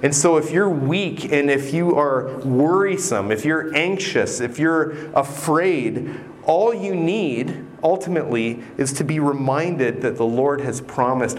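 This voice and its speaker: A man preaching a sermon in a slow, deliberate way, pausing often and repeating words for emphasis. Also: a little high, a little hiss or hum. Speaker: pastor.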